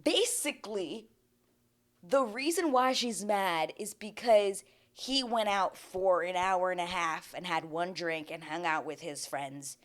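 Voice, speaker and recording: A woman's voice: on the low side, unhurried. A woman hosting a reality TV recap in casual commentary, ranting with exasperation and swearing freely.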